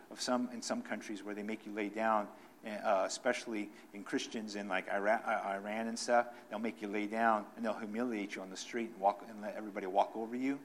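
A man preaching a sermon off the cuff, with restarts and fillers, swinging between loud emphatic stresses and quiet asides. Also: lowish voice, slight background noise. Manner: unscripted preaching with frequent restarts and filler words.

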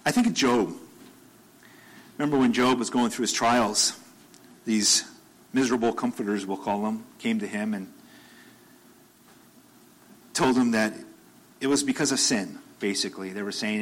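A man's voice: lowish voice, moderate pace, long pauses, poor audio. A man delivers a sermon in an everyday, conversational tone. He circles back on his phrases, and his voice climbs into urgent, repeated questions when he makes a point. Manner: conversational, rises to emphatic bursts, repeats phrases. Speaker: preacher.

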